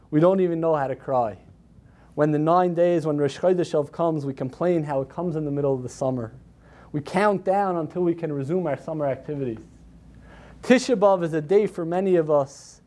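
A man's voice: on the high side, dark tone. A man giving a storytelling sermon at a community program, dramatically acting out the quoted lines.

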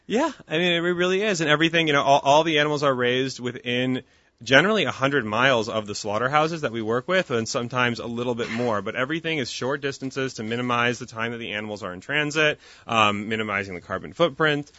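A bright-toned man in his thirties speaks earnestly and at length as a guest, often restarting his sentences. The sound is dry and slightly dull, like a lo-fi podcast. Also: mid-range voice, fast talker, no room sound. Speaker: guest, kosher meat company founder. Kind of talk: casual interview chat.

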